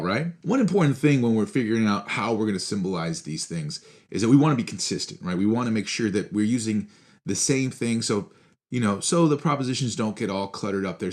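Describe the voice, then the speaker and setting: A man teaching a philosophy course on formal logic in a relaxed, conversational way, often checking in with "right?" and slowing down to spell out symbols. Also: mid-range voice. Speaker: philosophy instructor. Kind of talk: casual recorded logic lecture.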